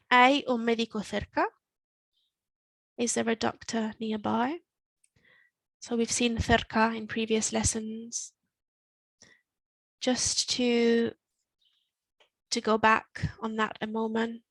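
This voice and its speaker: A woman teaching a Spanish lesson, explaining patiently step by step and repeating words slowly. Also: fairly high pitch, vocal fry, a bit bright, no echo. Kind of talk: online language lesson. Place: in Spain.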